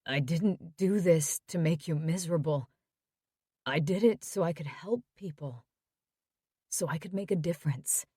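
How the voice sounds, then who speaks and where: A woman voicing an injured young male firefighter who talks quietly with dry humor. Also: low-pitched, a little slow, breathy edge, no echo. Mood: subdued.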